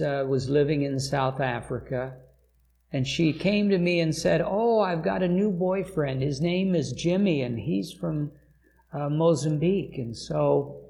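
A middle-aged missionary pastor giving a sermon testimony, telling an earnest story in a halting way and correcting himself mid-sentence. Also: male voice, a little high, gravelly, darkish tone. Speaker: missionary pastor to a deaf church.

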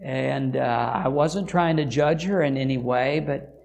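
A middle-aged missionary pastor giving a sermon testimony, telling an earnest story in a halting way and correcting himself mid-sentence. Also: male voice, mid-range voice, gravelly, a little mellow. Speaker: missionary pastor to a deaf church.

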